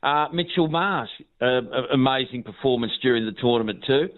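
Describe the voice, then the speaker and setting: A man's voice: mid-range voice, normal speed. A man chatting enthusiastically about sport as a regular guest, often repeating himself. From Australia. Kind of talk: casual sports chat. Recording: tinny phone line.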